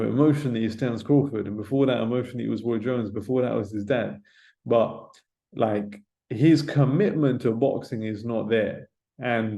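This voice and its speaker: Solo male pundit, casual and profane, mellow voice, echoey room without a mic. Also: medium pitch, gravelly. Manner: rambling, swearing, lots of filler tags. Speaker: boxing pundit. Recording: roomy echo, no mic.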